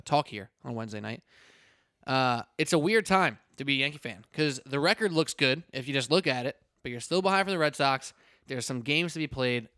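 A man in the host's chair of a casual sports podcast, talking loosely and joking, with plenty of restarts and asides. His voice is smooth and resonant, recorded dry and close with no room sound. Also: mid-range voice, fairly bright tone, dry recording. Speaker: podcast host. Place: indoors at a table with a co-host.

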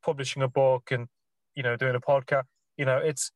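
A man's voice: medium pitch, flat delivery, brisk, no room sound. A man hosting a podcast, talking in a loose, rambling way with many fillers. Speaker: podcast host. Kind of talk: casual interview chat.

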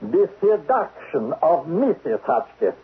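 Cold spy boss, high husky voice that swings around a lot, tinny old radio sound. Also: male voice, big pitch swings, slow pace, heavily acted. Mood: menacing. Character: stern male foreign spy chief, cold and menacing. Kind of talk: 1970s radio drama acting. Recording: old radio broadcast, phone-like band.

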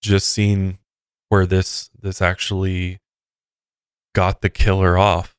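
Male podcast co-host, low resonant voice, conversational and loose, dry booth. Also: monotone, slow, clear, resonant tone, dry recording. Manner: conversational, with frequent restarts and asides. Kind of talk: casual true crime chat.

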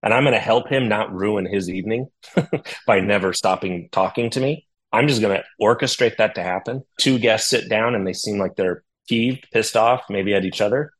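Lively storytelling man, low voice. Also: normal speed, breathy edge, rough recording. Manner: lively storyteller who acts out dialogue, swears freely. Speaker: sommelier and restaurant owner. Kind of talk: casual podcast interview.

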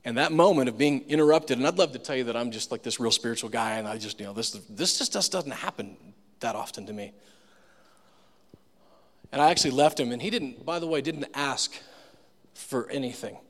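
A man's voice: medium pitch, brisk. A man preaching a sermon as pastor, telling personal stories in a casual, self-deprecating way. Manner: conversational storytelling, self-deprecating humor. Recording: long reverb of a large room.

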